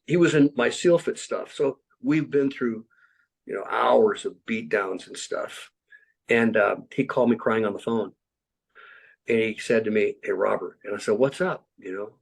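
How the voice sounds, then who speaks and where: A man's voice: medium pitch, vocal fry. A middle-aged man candidly sharing life stories in an earnest, frank way, filled with "you know" and acted-out quotes. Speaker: speaker sharing life lessons. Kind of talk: candid personal storytelling.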